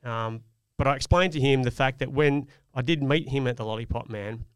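A man's voice: mid-range voice, a little fast, clear, resonant tone, dry recording, clean studio sound. A man, telling a personal parenting story in an earnest, reflective way on a casual podcast. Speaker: podcast co-host. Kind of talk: casual chat.

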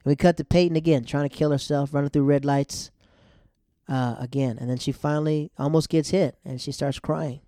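A man's voice: fairly high pitch, fairly even intonation, brisk, mellow, dry recording, studio quality. A man casually recapping a TV episode in a chatty, slangy way, now and then acting out the characters' lines.

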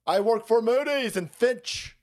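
A man's voice: very high voice, lively intonation, measured pace, darkish tone, voice pushed up. A man voicing a smug, pompous male economist in a mocking impression. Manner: pompous, self-satisfied.

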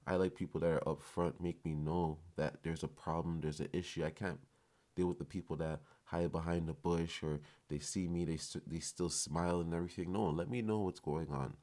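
A man's voice: deep voice, darkish tone. A man hosting a podcast, speaking in a casual, emphatic motivational monologue, swearing freely. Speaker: podcast host.

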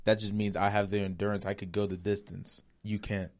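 A man's voice: fairly low pitch, level tone, a little fast, a little mellow. A young man, a college freshman, co-hosting a casual podcast with cocky, boastful banter. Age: young adult. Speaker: podcast co-host. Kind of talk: casual chat.

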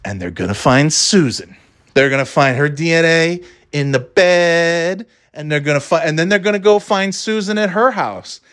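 Animated profane comedic rant, man. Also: moderate pace. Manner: profane, animated, jumps into shrill character voices. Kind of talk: stand-up style comedic rant.

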